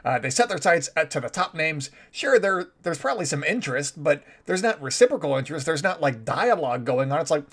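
A man's voice: on the high side, big pitch swings, a little fast, few pauses. A man giving solo baseball commentary in a chatty, opinionated way, with sarcastic asides.

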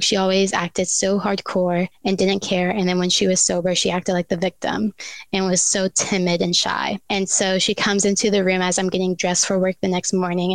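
A woman's voice: medium pitch, creaky, dry recording. A young woman casually telling a personal breakup story on a podcast, acting out the dialogue of the people in it as she goes. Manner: animated retelling, acts out quoted dialogue.

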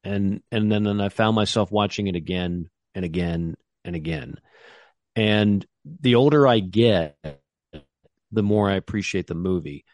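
Lower-voiced man, dry close podcast sound. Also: unhurried, a little mellow, dry recording. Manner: rambling, enthusiastic, with many restarts. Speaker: co-host. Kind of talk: casual sports podcast chat.

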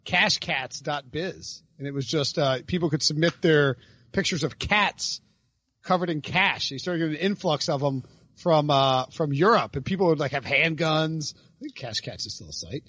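A man hosting a podcast, talking in a rambling, animated, self-interrupting way. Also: on the high side, normal speed, breathy edge, no echo, dull audio. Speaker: podcast host. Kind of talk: casual chat.

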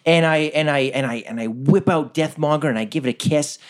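A man's voice: on the high side, brisk. Rowdy man playing a raging barbarian. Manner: rowdy, laughing, profane. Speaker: player. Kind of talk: casual tabletop play.

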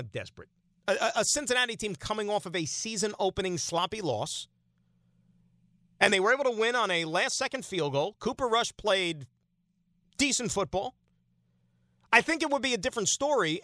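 A man's voice: high-pitched, bright, forceful tone, no echo, clean studio sound. A man hosting a sports talk radio show, giving an opinionated monologue full of rhetorical questions.

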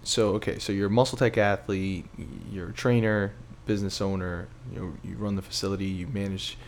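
Low-voiced male interviewer. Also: little pitch movement, brisk. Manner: short backchannels, rambling question. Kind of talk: podcast interview.

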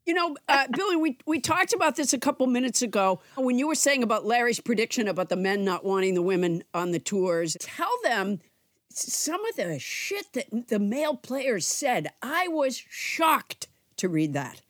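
A woman in her sixties co-hosts a casual chat, chatty and quick to joke. Her pitch moves around a lot, and the sound is dry and close. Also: sing-song, no room sound. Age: 60s. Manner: chatty, joking, frequent laughs. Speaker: podcast co-host.

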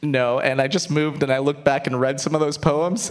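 A man in his thirties, a stand-up comedian, talking in an animated, self-mocking way with frequent laughter. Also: on the high side, a little slow, a little hiss or hum. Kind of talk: stand-up set, then interview.

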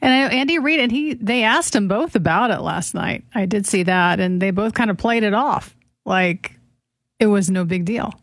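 A woman's voice: medium pitch, normal speed, no echo, clean studio sound. A woman co-host chatting casually on a talk show, mostly giving short, hesitant, agreeing replies. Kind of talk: casual chat.

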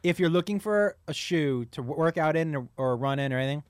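A man's voice: on the high side, animated, brisk, smooth, no echo, clean studio sound. A comedian guest chatting casually, rambling and often stopping to restart his sentences. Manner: rambling, self-interrupting. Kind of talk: casual conversation.

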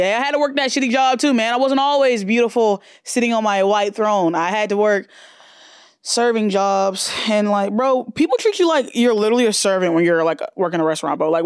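A woman hosting her own podcast, chatting in a brash, profane, animated way. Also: medium pitch, clean tone, dry recording, studio quality. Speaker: podcast host. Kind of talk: casual solo podcast chat.

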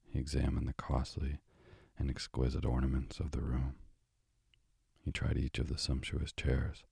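A man narrating a classic novel as a soft, drowsy sleep story. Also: rumbling low, completely flat delivery, normal speed, gravelly, slightly rough, dry recording, studio quality. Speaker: bedtime story reader.

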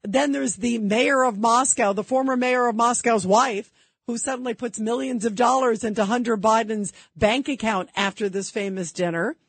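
Husky-voiced woman talk radio host. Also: fairly high pitch, moderate pace, dry recording. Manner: emphatic, indignant, rhetorical questions. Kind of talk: political commentary monologue.

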